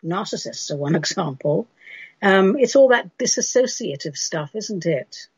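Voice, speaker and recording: A woman's voice: mid-range voice, expressive, unhurried, a little mellow, husky, dry recording. A woman radio host from England gives spiritual advice, chatting emphatically through listener questions. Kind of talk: casual radio talk answering listener questions. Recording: dull lo-fi radio recording.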